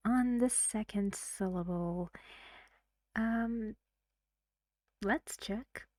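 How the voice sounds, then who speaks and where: Speaking very slowly in a medium-pitched, darkish voice, a woman whose native language is Persian gives a recorded English pronunciation lesson. She explains things carefully and frequently questions the learner, and the studio-quality audio has no echo.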